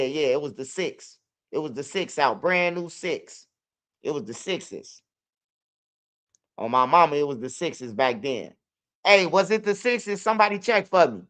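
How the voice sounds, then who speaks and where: A man's voice: fairly high pitch, sharp tone. A young man with a Chicago accent telling street stories in loose, profane casual talk. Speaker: interviewee. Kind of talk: casual storytelling.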